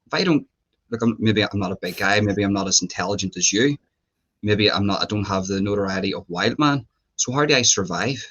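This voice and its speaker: A man's voice: fairly low pitch, fairly quick, a bit bright. A man hosting an interview, rambling and thinking aloud as he builds his questions. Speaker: host.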